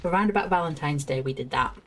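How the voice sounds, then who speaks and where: A woman's voice: deep voice, fast. A woman streaming a video game, chatting casually, laughing to herself and reading quest text aloud. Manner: chatty, giggly, talks to herself.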